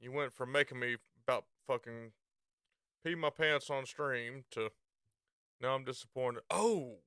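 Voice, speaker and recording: A man streaming and chatting casually, loud and profane, quick to laugh. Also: medium pitch, clean tone, no echo, clean studio sound. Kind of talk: casual chat.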